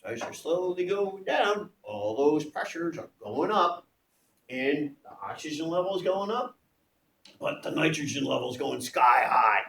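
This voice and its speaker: A male teacher lecturing and spinning a story for his class, acting out the voices of the people in it. His voice rises and falls in a lively way as he talks. The room is echoey, with faint noise behind him. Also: fairly high pitch, unhurried, creaky. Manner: animated storytelling, acts out voices.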